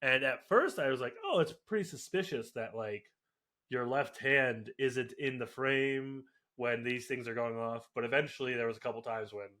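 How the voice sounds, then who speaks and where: A young man co-hosting a podcast, talking in loose, rambling chat full of ums and quick laughs. His voice is bright and a bit tense, with a middling pitch. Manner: rambling, filler-heavy, laughs often. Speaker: podcast co-host.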